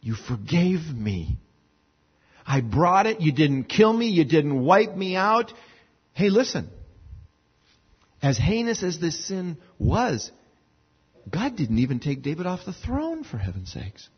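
A man preaching a conversational sermon, animated and acting out little scenes with voices. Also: fairly high pitch, slow, long pauses, slightly rough. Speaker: pastor. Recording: muffled lo-fi sermon recording.

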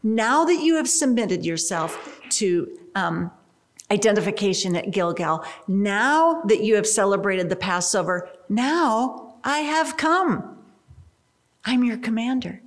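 A woman leading a Bible study, expressive and emphatic. Her pitch is mid-range, and her pace shifts between drawn-out stresses and quick asides. She talks straight to her listeners. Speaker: Bible teacher.

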